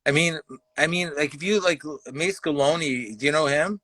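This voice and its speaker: A man's voice: a little high, moderate pace, fairly bright tone, no echo. A man from Canada, a comedian guest, telling a rambling, profane story in casual chat and acting out the quotes heatedly. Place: livestream talk show.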